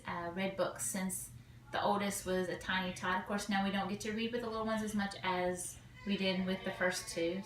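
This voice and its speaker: A woman's voice: mid-range voice, a bit bright, reverberant, slight background noise, rough recording. A woman in her thirties with a Southern US accent, a homeschooling mother of five chatting casually to camera in a folksy way with plenty of ums. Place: home, indoors.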